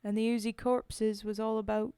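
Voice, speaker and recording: A woman voicing a plucky Cockney wartime woman in a dramatic poetry reading, with a rough put-on accent. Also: a little high, level tone, moderate pace, mellow, dry recording, studio quality, natural voice. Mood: storytelling. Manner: rough, self-admittedly shaky accent in a sing-song reading.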